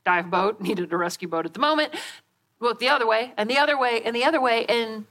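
A middle-aged woman pastor preaching a sermon, telling a story in a folksy, animated way. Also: fairly high pitch, brisk.

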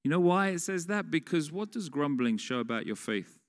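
A man's voice: a little high, lively intonation, normal speed. A man preaching a sermon in a conversational way, putting questions to the congregation. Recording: long reverb of a large hall.

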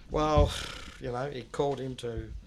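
A man telling a personal story in a rambling, halting way, often dropping low and quiet. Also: fairly even intonation, gravelly, a little hiss or hum. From Australia. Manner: rambling, many restarts, low and subdued when recalling loss. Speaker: guest telling his life story. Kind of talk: casual spoken storytelling.

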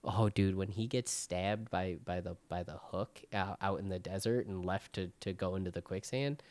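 A man co-hosting a casual podcast chat, animated and swearing freely, with lots of restarts. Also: deep voice, moderate pace, dry recording. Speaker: podcast co-host. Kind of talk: casual chat about anime.

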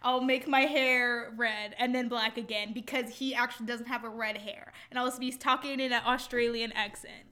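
Young woman chatting and giggling, high voice, pretty bright, keeps trying goofy accents. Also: fairly even intonation, moderate pace, hardly any pauses. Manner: giggly, tries out silly accents. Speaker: podcast co-host. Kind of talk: casual chat.

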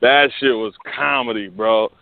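A man's voice: medium pitch, measured pace, vocal fry, dry recording. A man co-hosting a casual chat about battle rap, slangy and laughing often, repeating words as he goes. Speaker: podcast co-host. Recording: tinny phone-like line with faint hiss.

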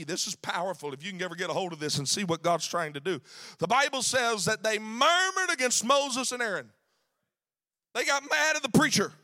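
A man preaching a sermon, shouting in a sing-song cadence with frequent "uh" fillers. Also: very high voice.

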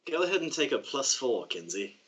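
A man's voice: medium pitch, big pitch swings, fairly quick, a bit bright, breathy edge, low-quality recording. A man playing a tabletop game in an easygoing manner, with hesitant "uh"s. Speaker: player. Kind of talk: casual tabletop play.

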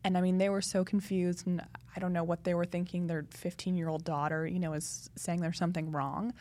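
A young woman, a podcast guest, chatting in a lively way full of fillers as she tells her story. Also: fairly low pitch, fairly quick. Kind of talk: casual interview talk.

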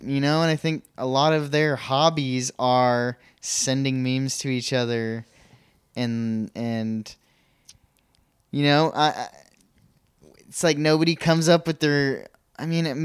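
A young man rambles through casual podcast chat, circling back on himself with halting restarts. His voice is smooth and resonant, and the sound is dry and close, at a middle pitch. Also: no room sound. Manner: rambling, hesitant, many restarts. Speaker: podcast co-host.

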